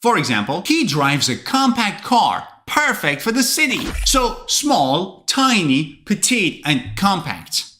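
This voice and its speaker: A man teaching English vocabulary to camera in an expressive, playful way. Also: high voice, takes it slowly, hardly any pauses, a little hiss or hum. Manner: expressive, lively delivery with playful asides.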